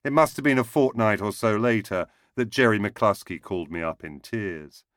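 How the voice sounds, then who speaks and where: A man reads a short story aloud in a wry, understated way. His voice sits low. The recording is dry and close-miked. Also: moderate pace, fairly bright tone, no room sound. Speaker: narrator.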